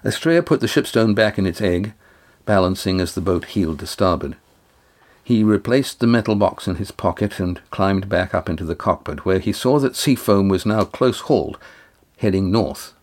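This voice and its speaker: Low-voiced male audiobook narrator. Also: animated, normal speed, darkish tone.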